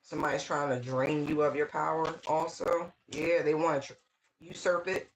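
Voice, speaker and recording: Speaking directly to the viewer, an excitable tarot reader offers a casual channeled reading, bursting into exclamations, repeating words for emphasis, and often asking "right?" The pitch is middling and the speed normal, with a faint hiss on a rough recording.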